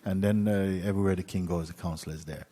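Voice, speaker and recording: A man, a spiritual teacher, telling a story in an unhurried way with soft asides and light laughs. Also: deep voice, fairly even intonation, in a large hall. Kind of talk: storytelling talk.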